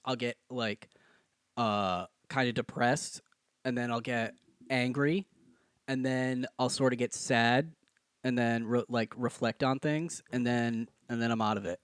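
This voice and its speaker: A young man co-hosting a podcast in easy, jokey chat, breaking into excited bursts. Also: medium pitch, measured pace, smooth, no echo, clean studio sound. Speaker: podcast co-host. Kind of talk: casual chat.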